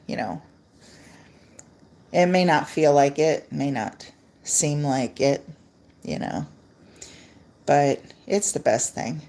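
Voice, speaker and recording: Slow, low-voiced woman chatting with viewers. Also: fairly even intonation, darkish tone. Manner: chatty, reads viewer comments aloud, laughs often. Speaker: livestream host. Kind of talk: casual livestream chat with viewers. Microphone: laptop.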